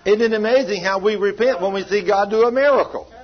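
A man's voice: high voice, fairly quick, some chatter behind. A man preaching in a church, telling a healing story in a folksy, emphatic way. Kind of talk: sermon storytelling. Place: church hall. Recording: dull lo-fi recording.

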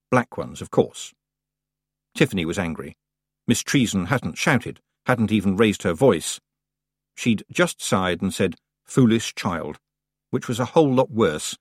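Husky male audiobook narrator. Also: fairly low pitch, dry recording, studio quality. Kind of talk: scripted narration.

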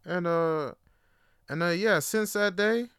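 A man's voice: high voice, takes it slowly, clear, resonant tone, dry recording, clean studio sound. A young man hosting a podcast, telling a funny personal story in a casual, profane, slang-heavy way. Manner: animated, profane, slangy, lots of fillers. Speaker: podcast host.

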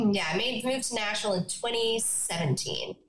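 A young woman from Newfoundland, Canada, guest on an interview podcast, telling her story in a lively, chatty way with quick asides. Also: fairly high pitch. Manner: animated, laughing, quick asides. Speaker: guest, country singer-songwriter. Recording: echoey room, faint noise.

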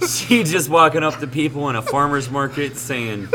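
A man's voice: fairly high pitch, animated, measured pace, background noise. A man hosting a casual podcast, rambling, swearing freely and laughing as he tells a story. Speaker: podcast host.

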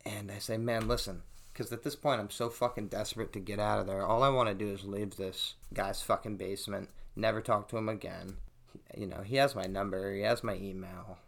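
A young man hosting a podcast tells a story in a fairly low, gravelly voice at a fairly quick pace. He's casual, profane and animated, acting out the things people said.

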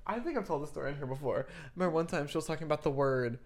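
A man's voice: a little high, racing. Casual, profane young man telling stories. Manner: candid, profane storytelling with many fillers. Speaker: podcast co-host. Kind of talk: casual chat.

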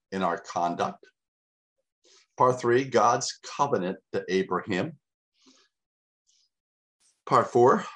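A man preaching a sermon as a pastor, emphatic, with dramatic pauses and repetition. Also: fairly low pitch.

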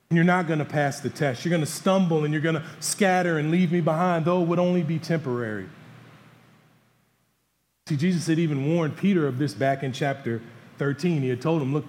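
In a reverberant church hall with faint background noise, a male pastor preaches with animation. He takes on the voices of Jesus and the disciples during the sermon, changing his pitch and volume for each.

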